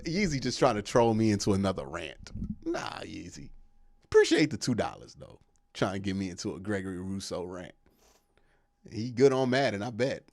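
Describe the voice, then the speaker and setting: Animated man ranting on a live stream. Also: fairly low pitch, fairly quick, no echo, clean studio sound. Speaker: streamer reacting to news and chat. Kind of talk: casual live-stream commentary.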